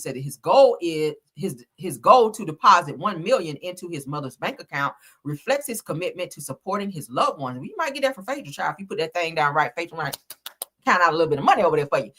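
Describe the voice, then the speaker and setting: Woman streamer, sassy, bright, very lively pitch. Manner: sassy, chatty, laughs often, talks to chat. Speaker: livestream host. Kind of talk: casual chat reading celebrity news.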